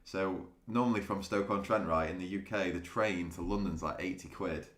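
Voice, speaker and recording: A man's voice: deep voice, normal speed, a bit bright, roomy sound. A man chatting casually with viewers on a live stream, laughing often and restarting his sentences. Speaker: day trading streamer.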